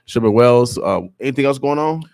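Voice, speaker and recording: A man hosting a morning radio show, making animated, hyped announcements and chatting casually about community events. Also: medium pitch, a little fast, vocal fry, no room sound, clean studio sound.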